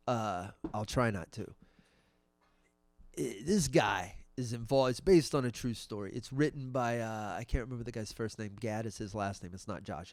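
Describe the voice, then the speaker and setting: A man's voice: mid-range voice, no room sound. A middle-aged man and comedian hosting his own podcast, musing in a wry, conversational monologue. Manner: wry, conversational, trailing off and restarting.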